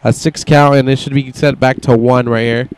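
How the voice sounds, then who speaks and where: A man's voice: medium pitch, little pitch movement, moderate pace, a little mellow, clean tone, poor audio. A young man giving casual, mock play-by-play commentary over a wrestling video game, swearing and voicing the wrestlers' thoughts in asides. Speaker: gameplay commentator.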